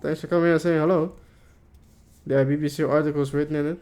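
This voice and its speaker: A man's voice: fairly high pitch, fairly even intonation, quick pace, darkish tone. Joking, cussing male game streamer. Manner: joking, swears freely. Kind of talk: casual chat while streaming a game.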